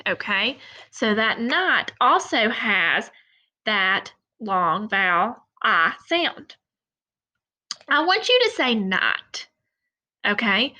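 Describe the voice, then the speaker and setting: A woman teacher giving a recorded phonics lesson to young children, sounding out words slowly and deliberately. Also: fairly high pitch, sharp tone.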